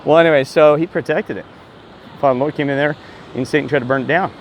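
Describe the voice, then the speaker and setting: A man in a casual vlog, telling a meandering story in an excitable way and often voicing disbelief. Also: on the high side, fast, a little hiss or hum. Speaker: self-described street minister.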